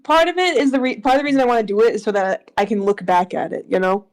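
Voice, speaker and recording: Woman on a stream, kinda high voice, teasing and laughy. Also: quick pace, low-quality recording. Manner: playful, teasing, laughs often. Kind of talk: casual chat on a live stream.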